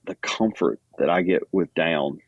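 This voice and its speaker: A man's voice: low voice, measured pace, breathy edge, no room sound, muffled recording. A man guest on a podcast, talking casually with lots of fillers and self-deprecating asides. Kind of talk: casual chat.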